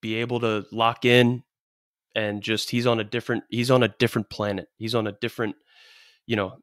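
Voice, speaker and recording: A man's voice: lowish voice, a bit bright, dry recording, clean studio sound. A man co-hosting a podcast, giving emphatic advice full of rhetorical questions and "dude.". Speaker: podcast co-host. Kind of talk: casual coaching advice chat.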